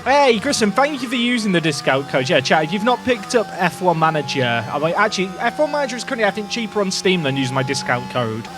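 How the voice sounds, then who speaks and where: A young man live-streaming a racing game, excitable and jokey, shouting at the screen between commentary. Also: high voice, fast talker, few pauses, over music.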